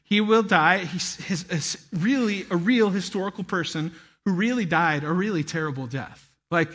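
A man in his thirties preaching a sermon, telling a lively story with acted-out shouts and laughter. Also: high-pitched, normal speed. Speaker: pastor.

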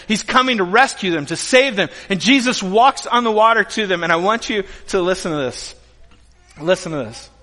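High-voiced preacher in a reverberant hall. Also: male voice. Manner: animated storytelling, swings from loud to hushed. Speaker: pastor. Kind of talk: sermon.

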